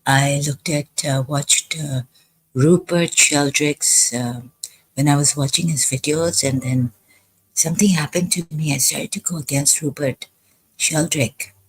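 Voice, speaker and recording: A woman talking in a rambling livestream monologue, hesitant and halting, pausing often. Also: low voice. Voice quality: husky. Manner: halting, hesitant, full of pauses. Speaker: live streamer.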